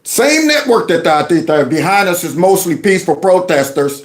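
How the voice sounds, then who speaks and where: A man talks through political clips in a high, lively voice that swings widely in pitch. He is mocking and animated, often slipping into exaggerated mimicry. The room around him is echoey. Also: moderate pace. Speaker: political commentary host. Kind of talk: casual political commentary.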